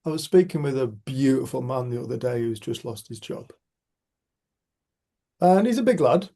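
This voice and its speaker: Gravelly Cumbrian man on a video call. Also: medium pitch, expressive, moderate pace, dark tone. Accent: Northern English, Cumbrian. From Cumbria, Northern England. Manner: chatty, swearing, playful teasing. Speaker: group facilitator. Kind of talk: casual group discussion and storytelling.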